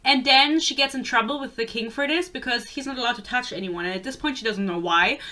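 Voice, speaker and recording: A woman's voice: a little high, fast talker, bright, forceful tone. Ranting young woman. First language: German. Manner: exasperated, sarcastic, swears freely. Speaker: book reviewer. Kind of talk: casual book rant.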